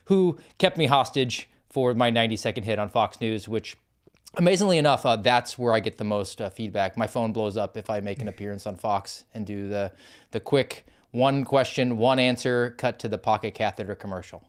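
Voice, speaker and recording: A man's voice: on the low side, moderate pace. A man co-hosting a casual podcast who tells stories in a wry, self-mocking way. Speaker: podcast co-host.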